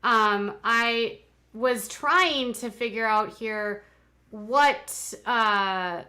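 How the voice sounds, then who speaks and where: Bright-voiced woman hosting a live commentary. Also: fairly high pitch, drawn-out words. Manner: chatty, exasperated asides. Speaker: commentary channel host.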